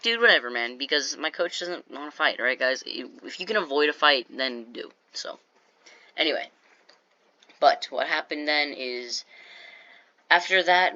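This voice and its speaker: A man's voice: on the high side, bright, forceful tone, dry recording. A teenage boy telling a story straight to his viewers, rambling with lots of "like"s and restarts. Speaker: vlogger. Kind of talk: casual storytelling to camera. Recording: slightly dull lo-fi recording.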